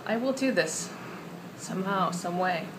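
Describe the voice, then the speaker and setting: A woman's voice: on the low side, lively intonation, measured pace, background noise. A woman children's book author talking casually to the camera, chatty and rambling, full of ums and uhs. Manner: chatty, rambling, with many fillers.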